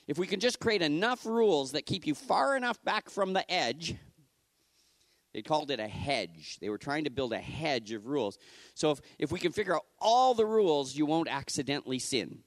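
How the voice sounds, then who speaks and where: A man preaching a conversational sermon in an animated, casual way. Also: on the high side, normal speed, no room sound, clean studio sound. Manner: animated, casual, acts out the scripture quotes.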